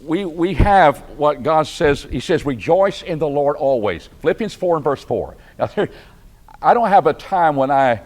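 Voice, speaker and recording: A man with a Texan accent teaching a church Bible class, conversational and asking his listeners questions. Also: medium pitch. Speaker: preacher.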